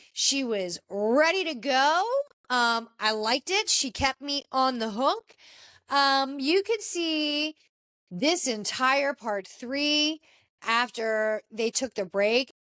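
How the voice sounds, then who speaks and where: A woman's voice: sits high, fairly bright tone. A woman hosting a podcast, chatting casually and gushing about a reality TV reunion, with frequent fillers. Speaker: podcast host.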